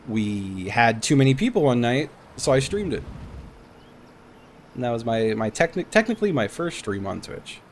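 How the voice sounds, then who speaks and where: A man's voice: mid-range voice, big pitch swings, moderate pace, slight background noise. A man streaming a game, chatting casually, laughing and swearing as he reminisces. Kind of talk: casual gaming chat.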